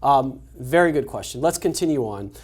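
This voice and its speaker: A man's voice: mid-range voice, animated, moderate pace. A man hosting a live webinar discussion, talking conversationally with frequent fillers and restarts. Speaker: webinar host.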